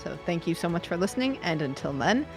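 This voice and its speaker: Low-voiced woman podcast co-host. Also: very animated, quick pace, music in the background. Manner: reads updates carefully, laughs easily. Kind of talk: casual news chat.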